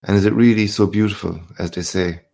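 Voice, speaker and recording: A man reading aloud and voicing a timid, modest man with quiet, reserved replies, low and gravelly. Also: steady tone, brisk.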